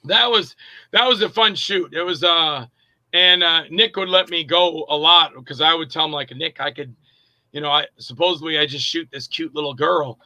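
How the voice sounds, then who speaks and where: Slightly high in pitch and at a moderate pace, this middle-aged actor-director swaps stories in a casual interview. He's animated, voices the quoted dialogue, and leans on fillers, and the low-quality recording has no echo.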